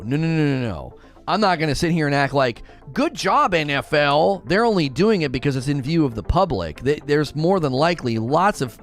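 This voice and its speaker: A young man hosting a gaming talk show, ranting emphatically and repeating himself. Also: medium pitch. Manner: heated, emphatic, repeats phrases. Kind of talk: live stream talk show rant.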